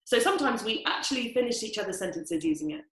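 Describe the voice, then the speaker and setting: A woman's voice: a little high, big pitch swings, fast talker, fairly bright tone. A woman patiently explaining in a casual, scripted educational chat. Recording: roomy echo.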